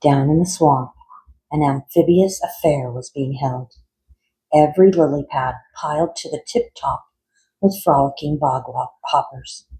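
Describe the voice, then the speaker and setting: A man reading a children's picture book aloud in a measured, expressive way. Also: on the high side, rough recording. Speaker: storyteller.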